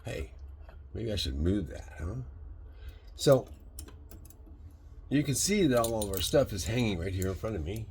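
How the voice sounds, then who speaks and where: Older man, sixties, Michigan accent, very low voice, rambling, fast bursts, home kitchen. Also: expressive, a little mellow, a little hiss or hum. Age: 60s. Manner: rambling, drifts into philosophical tangents. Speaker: vlogger. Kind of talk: casual cooking vlog.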